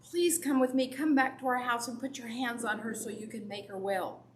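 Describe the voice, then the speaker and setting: A woman's voice: fairly high pitch, steady tone, normal speed, a little hiss or hum, voice pushed up, natural voice. A woman doing Jairus, a pleading worried father. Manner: pleading, urgent. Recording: echoey room from far off.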